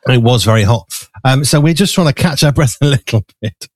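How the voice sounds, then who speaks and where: A man's voice: medium pitch, brisk, darkish tone, no room sound. A man hosting a live studio chat show, rambling with fillers while eating and a bit out of breath. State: slightly out of breath. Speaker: show host. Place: small studio.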